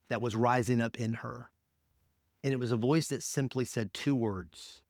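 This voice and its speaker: A man's voice: mid-range voice, unhurried, no room sound. Man preaching a conversational sermon, dry sound. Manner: conversational, emphatic preaching with sudden loud peaks and hushed drops. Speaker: pastor.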